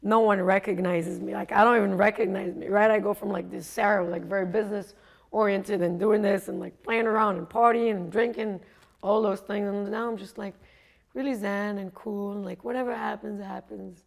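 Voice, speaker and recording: A woman's voice: medium pitch, fairly even intonation, normal speed, creaky. A woman coach telling a personal story in a chatty way, laughing often and acting out what others said. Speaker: coach and speaker.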